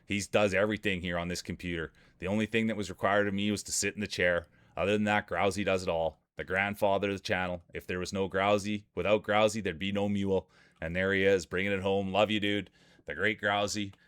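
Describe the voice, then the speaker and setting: A man with a low, smooth voice calls marble races like a sports announcer, hyping each racer and chatting with viewers. His voice is clean and dry, sitting close on a desk mic. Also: flat delivery, fairly quick, fairly bright tone, dry recording. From Canada. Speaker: streamer doing marble race commentary. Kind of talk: playful sports-style race commentary.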